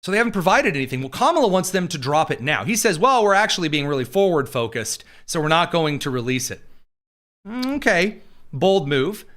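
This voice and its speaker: Man, political commentary host, somewhat high voice, sarcastic, jokey asides, casual. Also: sing-song, fairly quick, a bit bright.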